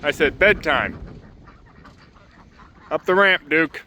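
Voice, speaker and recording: A man's voice: fairly high pitch, lively intonation, slow pace, pushed and bright. A man who hosts a homestead channel, talking casually while coaxing and calling his ducks and dog outdoors on a farm. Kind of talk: casual vlog narration.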